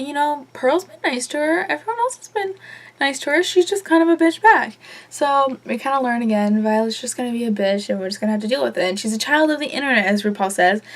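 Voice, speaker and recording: Young woman, slightly high voice, casual chatty reviewer with strong opinions. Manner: chatty and opinionated, lots of fillers and swearing. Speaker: vlogger reviewing a TV episode. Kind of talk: casual chat.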